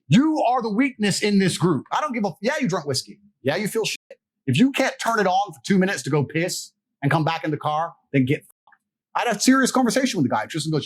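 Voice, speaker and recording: A man's voice: on the high side, quick pace. A man telling stories as a podcast interview guest, blunt, profane and boastful, laughing as he goes. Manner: animated, laughs mid-story. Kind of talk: casual storytelling in a podcast interview.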